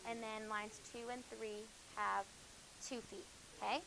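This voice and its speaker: A woman teaching a high school English class. She explains with many fillers and self-corrections and keeps hushing her students. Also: flat delivery, unhurried, gravelly, rough recording. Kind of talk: classroom lecture.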